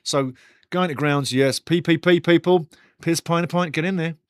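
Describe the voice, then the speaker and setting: A British man hosts a live football watch-along stream, chatting, joking, swearing casually and repeating himself as he comments on the match. His voice is fairly high and smooth at a normal speed. The recording is dry and of studio quality.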